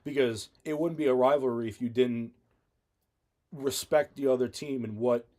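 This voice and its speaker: A man co-hosting a podcast, telling stories in a casual, animated way, often laughing and swearing. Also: mid-range voice, moderate pace. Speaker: podcast co-host. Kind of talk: casual chat.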